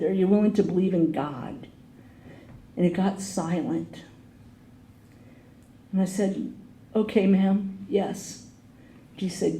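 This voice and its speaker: A dark-toned, mid-range female voice belongs to an AA speaker recounting her recovery in a meeting hall. She tells the story earnestly, acting out those she quotes, in a room with echo and faint noise.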